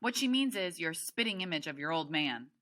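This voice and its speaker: A woman's voice: deep voice, expressive, a little fast, sharp tone. A woman voicing a small, clever boy who teases with a know-it-all manner, read aloud from a novel in class. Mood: smug. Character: wisecracking small genius boy.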